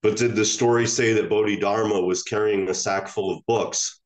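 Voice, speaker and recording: A male Zen teacher gives a reflective dharma talk. His voice is low and unhurried, and he often stops and restarts his phrases as he thinks them through. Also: fairly even intonation.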